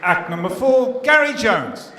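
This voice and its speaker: Middle aged guy hosting a stage contest, kinda high voice, teasing the crowd, dry one-liners. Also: measured pace, noisy background. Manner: teasing the audience, deadpan punchlines. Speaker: compere of a stage competition. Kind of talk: live stage compering with joke telling. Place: stage in a pier theatre before a live audience.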